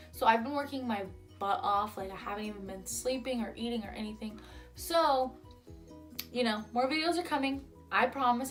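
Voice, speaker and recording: A woman in her twenties telling a personal story in a casual vlog, chatty and a little tipsy, often saying "like" and acting out what others said. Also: on the high side. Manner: chatty, lots of "like", acts out quotes. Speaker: vlogger.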